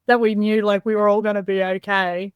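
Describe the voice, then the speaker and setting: Aussie woman telling army stories on a video call, smooth clear voice, kinda high, dry sound. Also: brisk, no room sound, muffled recording. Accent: Australian. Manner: lively anecdotes, laughs often, swears casually. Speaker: army reservist guest. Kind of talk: casual storytelling interview.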